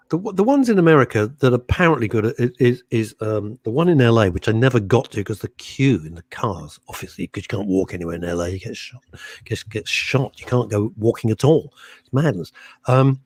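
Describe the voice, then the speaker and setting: A man's voice: medium pitch, animated, a little fast, a little mellow. A man co-hosting a radio show, telling rambling stories with a lot of laughter. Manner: laughing, chatty storyteller. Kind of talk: casual radio chat. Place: radio studio.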